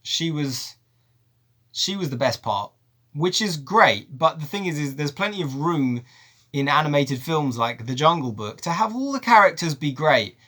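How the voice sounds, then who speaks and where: A man's voice: on the high side, normal speed. A man giving an exasperated, profane film review rant. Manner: animated, profane, exasperated ranting. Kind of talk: ranting video review.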